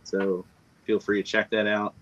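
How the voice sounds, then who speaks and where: A man hosting a live reselling show, speaking in a halting, hesitant way. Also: lowish voice, monotone, lo-fi sound, slight background noise. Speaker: show host. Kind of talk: casual live-stream chat.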